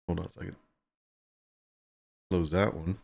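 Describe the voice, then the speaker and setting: A man's voice: sits low, fairly even intonation, unhurried, gravelly, a little mellow. A man hosting a casual livestream chat, joking with and teasing viewers and greeting them by name. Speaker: livestream host.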